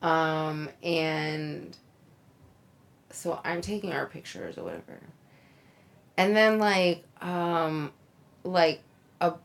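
Woman storyteller, slow, lower-pitched, chatty, filler-heavy delivery. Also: expressive, gravelly, a little hiss or hum. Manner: rambling anecdote full of likes and ums, laughing. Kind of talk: casual chat.

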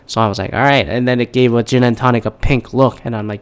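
A man's voice: mid-range voice, steady tone, quick pace, hardly any pauses, clean tone. A man with a slightly nasal voice hosting a podcast, rambling casually and ranting with lots of swearing and restarts. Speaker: podcast host.

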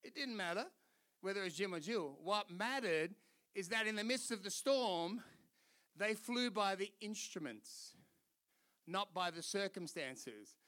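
A man's voice: sits high, measured pace. A man with an Australian accent preaching a sermon, telling stories with laughter and acted-out voices. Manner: animated storytelling, laughing, doing voices. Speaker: pastor.

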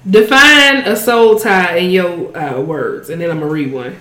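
A woman's voice: on the low side, normal speed, fairly bright tone. Blunt, profane woman in a roomy echo. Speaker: podcast co-host. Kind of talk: casual chat.

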